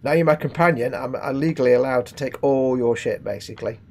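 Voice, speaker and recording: A man's voice: mid-range voice, brisk, darkish tone, a little hiss or hum. A British man streaming a game, chatting casually and reading in-game letters aloud with wry, swearing asides. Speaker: gaming streamer. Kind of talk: casual let's-play commentary, reading in-game texts.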